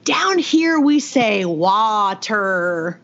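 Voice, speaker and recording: A woman's voice: medium pitch, very animated, drawn-out words, a bit bright, full character voice. A woman voicing a polite, puzzled young boy from Texas, heard through a dull, muffled recording.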